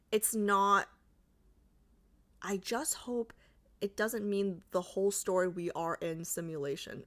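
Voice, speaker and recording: A woman streamer with a mid-range, fairly bright voice chats casually on a livestream. She's jokey and talkative, reading messages from her chat aloud and answering them.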